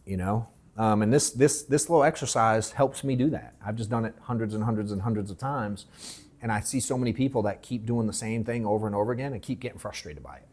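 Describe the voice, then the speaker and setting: A man leading a live sales workshop, telling animated stories that act out his own reactions, swearing freely and calling the audience bro and dude. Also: lowish voice, fast, slightly rough. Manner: animated storytelling, mimics himself, swears, calls people bro and dude. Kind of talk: casual, joking workshop talk.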